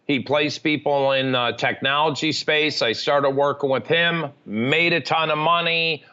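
A man's voice: on the high side, steady tone, measured pace, sharp tone, smooth, highs cut off. A man telling his life story frankly and matter-of-factly as a podcast guest. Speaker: podcast guest, recovery advocate. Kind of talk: candid storytelling interview.

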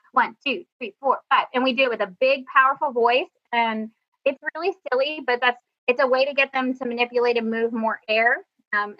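The highs are cut off in this recording of a woman with a fairly high pitch. A middle school band director, she gives an upbeat, talkative, self-deprecating presentation over screen share on a video call.

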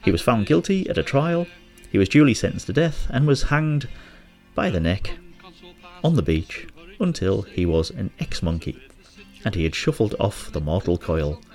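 A man with a Hartlepool accent hosts his own show, telling jokes and stories in a casual, chatty way. His voice sits fairly low and swings up and down with plenty of expression. Faint music plays behind him. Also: sing-song, normal speed, darkish tone. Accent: Hartlepool English. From Hartlepool, England. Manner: jokey, chatty storyteller who laughs at his own jokes. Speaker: host. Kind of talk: casual monologue and storytelling.

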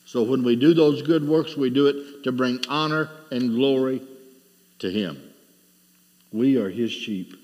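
A man's voice: medium pitch, measured pace, darkish tone, long reverb tail. A middle-aged man preaching a sermon, asking rhetorical questions and telling a story with rising and falling intensity.

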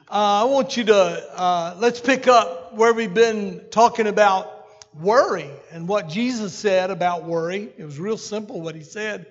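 Folksy pastor, high voice, reverberant hall. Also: male voice, measured pace. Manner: folksy and conversational, with fillers and asides to the congregation. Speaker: senior pastor. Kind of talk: sermon. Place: church sanctuary. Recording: dull sermon recording with long hall reverb.

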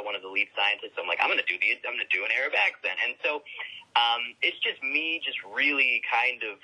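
A man's voice: lowish voice, bright, forceful tone, slightly rough, poor audio. A man, a voice actor guest, chatting casually and animatedly about his work, laughing often. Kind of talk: casual interview chat.

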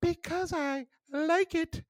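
A woman's voice: very high voice, steady tone, takes it slowly, dry recording, clean studio sound, pitched above the performer's own voice. A man doing a cheeky little girl, mock British. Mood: smug. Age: child. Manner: defiant, sing-song teasing.

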